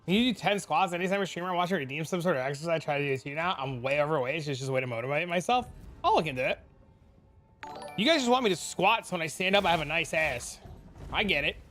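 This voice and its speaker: A man's voice: on the high side, expressive, fast talker, fairly bright tone, faint music behind. A man streaming a game from a home room with a green screen, talking casually and rambling, swearing freely as he answers chat.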